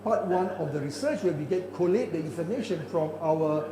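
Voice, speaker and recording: A man's voice: fairly high pitch, animated, fairly quick, crowd noise. An older man gives a conference keynote, speaking emphatically and often repeating or restarting words. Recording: echoey hall with faint ambience.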